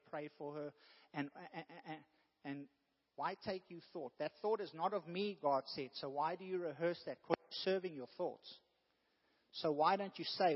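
A man preaching a sermon in an earnest way, rising now and then to emphatic bursts. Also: a little high. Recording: dull sound with long hall reverb.

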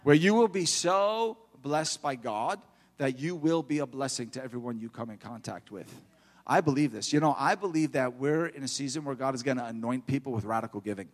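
A middle-aged man preaching a fervent sermon in church, building to loud exhortation. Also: medium pitch, animated, fairly quick, in a large hall.

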